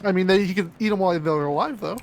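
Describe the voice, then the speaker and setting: A man's voice: high voice, fast, slight background noise. A man in a casual gameplay chat, curious and asking questions. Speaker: co-op gamer.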